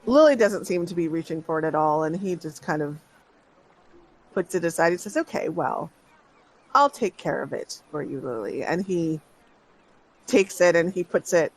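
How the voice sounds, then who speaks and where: A game master narrating a tabletop game at an easy, unhurried pace. The delivery is halting, with phrases often restarted and trailing off before picking back up. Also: mid-range voice, a little hiss or hum, rough recording. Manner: unhurried, hesitant, restarts with many fillers.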